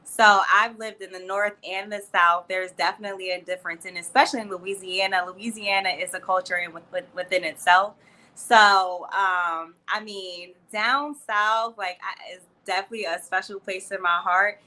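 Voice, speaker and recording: Brief: young woman guest, bright, crisp tone, friendly and chatty. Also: medium pitch, steady tone, normal speed. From New Jersey and Florida, United States. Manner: friendly, chatty, laughs easily. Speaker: guest, PR professional. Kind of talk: casual interview.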